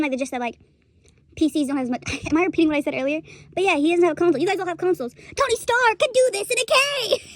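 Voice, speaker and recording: Young woman vlogger, high voice, dry close sound, rambling swearing rant. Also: no room sound. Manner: rambling, profane, laughs often. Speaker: streamer commentator. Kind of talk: casual rant commentary.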